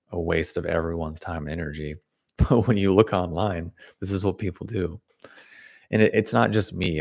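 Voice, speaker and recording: A man with a low, gravelly voice delivers a candid monologue to his audience. He rants in a loose, conversational way and keeps his tone frank and direct. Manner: candid, ranting, acts out quoted people. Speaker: video creator. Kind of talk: casual monologue.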